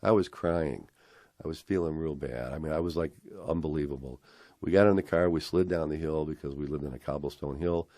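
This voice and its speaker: An older man from the American Midwest, a interview guest telling a personal story with halting restarts and acted-out voices. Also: very deep voice, a little mellow, no echo, clean studio sound.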